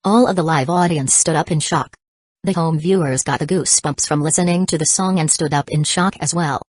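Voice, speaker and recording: A woman narrating an audiobook in a steady, even reading style. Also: sits low, brisk, husky, no echo. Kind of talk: scripted narration.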